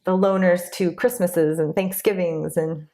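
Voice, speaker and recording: A woman with a slightly low voice chats as a guest in a relaxed interview. She speaks openly and from the heart, drifting through loose, rambling sentences full of small fillers. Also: unhurried. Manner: open, heartfelt, rambling with many "you know"s. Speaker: guest, Reiki master and instructor. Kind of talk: casual interview chat.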